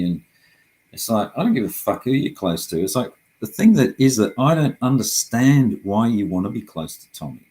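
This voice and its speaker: A man's voice: lowish voice, a little mellow, low-quality recording. A middle-aged man talking casually and heatedly, frustrated and swearing often as he rambles through his complaints.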